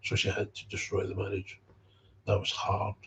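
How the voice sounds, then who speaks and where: Speaking in a lowish, completely flat voice at moderate pace, a Scottish man talks bluntly and heatedly about recovery, swearing freely. His tone is a bit bright, and the dull lo-fi recording carries a little hiss or hum.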